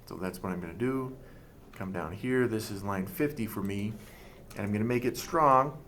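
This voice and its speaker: A man teaching a coding class over a screen recording, talking through each step in a relaxed, thinking-aloud way. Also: fairly low pitch, normal speed, a little hiss or hum.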